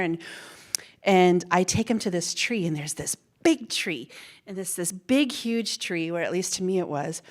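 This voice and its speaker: A middle-aged woman giving a plenary talk, telling a personal childhood story in an animated way with frequent repeats and laughs. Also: on the low side. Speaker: plenary speaker. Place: university ballroom.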